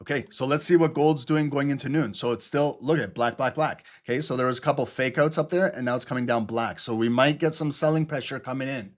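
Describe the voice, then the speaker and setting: A man's voice: mid-range voice, fairly quick, few pauses. A man hosting a live trading stream in loose, casual commentary, chatty and prone to swearing and side jokes. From Canada. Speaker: trading livestream host.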